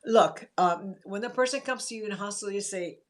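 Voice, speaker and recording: A woman therapist gives advice on a chatty live stream, greeting viewers by name and acting out calm example replies. Her voice is medium-pitched and her pace brisk.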